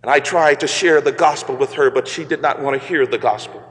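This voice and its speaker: A male pastor delivering a sermon with slow, emphatic phrasing that rises into exclamations. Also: medium pitch, a bit bright, in a large hall.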